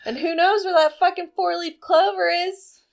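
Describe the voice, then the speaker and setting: A woman's voice: very high voice, steady tone, moderate pace, vocal fry. A woman co-hosting a casual movie commentary, making wry, profane remarks about the film. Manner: wry, swearing, laughing asides. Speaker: podcast co-host.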